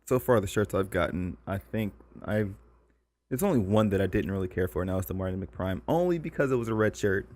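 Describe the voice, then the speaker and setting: A man's voice: low-pitched, animated, a little fast, a little mellow. A young man co-hosting a podcast, telling stories in casual chat, swearing and laughing often. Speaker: podcast co-host.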